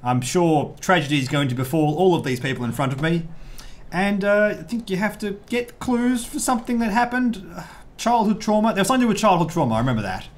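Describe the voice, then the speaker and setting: A man's voice: high-pitched, lively intonation, quick pace. A man co-hosting a let's play, making jokey, playful commentary over a game. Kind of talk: casual gameplay chat.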